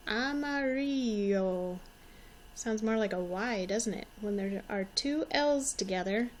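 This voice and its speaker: With slight background noise behind her, a woman in her forties uses a somewhat high voice to teach young children. She's patient and encouraging, giving slow classroom instruction and repeating words so the kids can repeat them too.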